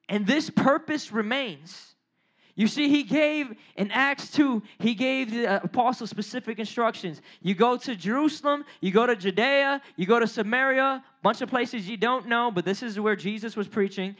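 A young man preaching a youth sermon in an animated, casual way, full of slang and sudden outbursts. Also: extremely high pitch. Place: church or youth gathering.

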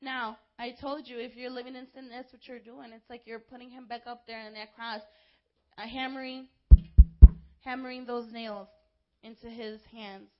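High-voiced woman preaching a lively sermon. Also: moderate pace, lo-fi sound. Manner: impassioned, rising to shouts when quoting crowds; casual asides to the congregation.

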